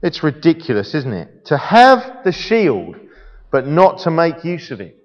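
Slow animated male preacher. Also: a little high. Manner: animated, playful, quizzes the congregation. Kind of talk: sermon. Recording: echoey hall, dull sound.

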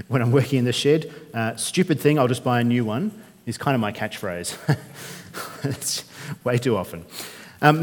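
Man, pastor, conversational sermon, rhetorical questions, long hall reverb. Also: mid-range voice.

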